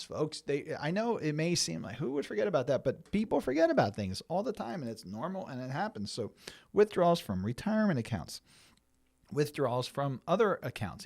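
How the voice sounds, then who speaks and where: A man's voice: mid-range voice, a little mellow, no room sound. A middle-aged man hosting a financial planning show, explaining things to viewers in a conversational way with frequent restarts and fillers. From United States.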